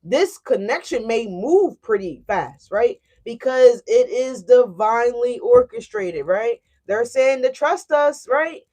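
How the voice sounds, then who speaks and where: Animated woman giving a tarot reading. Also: fairly high pitch, slow pace, hardly any pauses. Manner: animated and emphatic, often tagging "right?", swears freely. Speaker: tarot reader. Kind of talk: casual tarot reading to camera.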